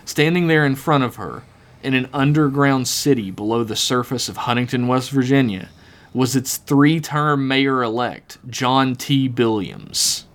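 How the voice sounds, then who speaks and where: A man's voice: medium pitch, animated, a little slow. A man co-hosting a podcast, reading his own horror story aloud dramatically and laughing at his own jokes. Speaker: podcast co-host.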